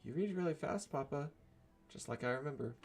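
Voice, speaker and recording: A man's voice: on the high side, expressive, brisk, voice pushed up. A man voicing an anxious young woman scientist who pleads timidly and tries hard to please. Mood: pleading.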